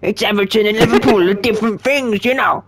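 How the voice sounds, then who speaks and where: A man's voice: sits high, a little fast, a crowd in the background. A man impersonating a friend who argues pedantically and rambles defensively. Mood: whiny. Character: mocked young male friend arguing pedantically.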